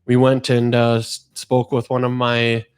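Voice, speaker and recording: A man's voice: medium pitch, measured pace, smooth. Earnest rambling man on a podcast. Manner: earnest, rambling, animated storytelling. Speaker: podcast host. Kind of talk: casual podcast chat.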